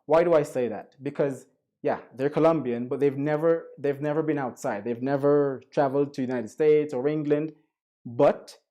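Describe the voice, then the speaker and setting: A man's voice: a little high, dark tone. A man from Jamaica, giving a chatty online lecture with Spanish asides. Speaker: guest lecturer.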